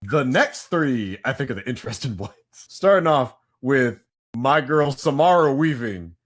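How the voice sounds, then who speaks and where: A man co-hosting a casual pop-culture podcast, chatty and prone to loud bursts of hype. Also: mid-range voice, animated, measured pace. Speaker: podcast co-host.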